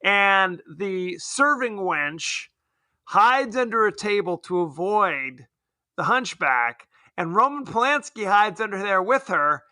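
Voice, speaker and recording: A man's voice: high-pitched, lively intonation, slow pace, pushed and bright, no echo, clean studio sound. A man co-hosting a podcast, chatting casually and jokingly about a film, laughing often. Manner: joking, laughs often, puts on silly voices. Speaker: podcast co-host. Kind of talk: casual film review chat.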